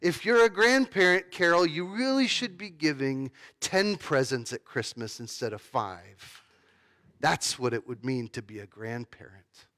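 A man's voice: on the high side, lively intonation, unhurried, a bit bright. A man giving a sermon as pastor, talking in a conversational way with fillers and restarts.

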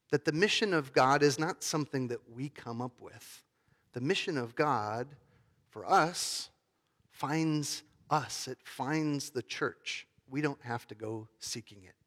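Man, pastor, sermon, storytelling, fairly high voice, long church reverb. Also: expressive, slow. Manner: conversational storytelling, swings between loud emphasis and hushed tones.

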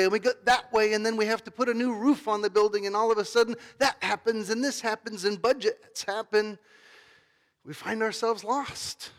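A male pastor giving a sermon in a conversational storytelling manner, swinging between loud emphasis and hushed, quiet tones. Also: high-pitched, long reverb tail.

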